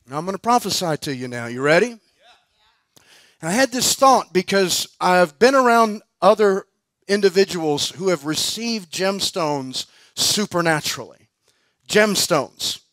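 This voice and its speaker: His voice high and a bit bright, a guest preacher speaks a little slowly but with animation as he tells a personal story at a conference. The sermon is chatty, packed with laughter, fillers, and restarts, and there's no echo.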